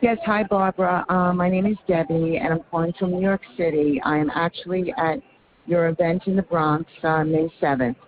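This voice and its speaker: A woman's voice: fairly low pitch, steady tone, normal speed. Discouraged woman in her fifties on a phone. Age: 50s. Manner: hesitant, discouraged. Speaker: caller. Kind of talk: recorded phone question. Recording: tinny phone line with crowd noise.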